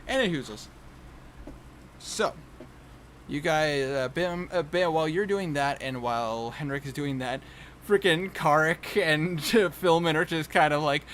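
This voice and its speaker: A man's voice: fairly high pitch, a little slow, a bit bright, slight background noise. A man running a tabletop game over voice chat, casual and chatty, laughing often and restarting his sentences. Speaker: game master.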